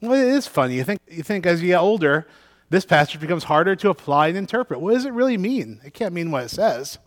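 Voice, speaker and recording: A man's voice: sits high, big pitch swings, fast talker. A middle-aged man preaching a sermon as pastor, reading scripture and then telling self-deprecating stories in a conversational way, with frequent restarts.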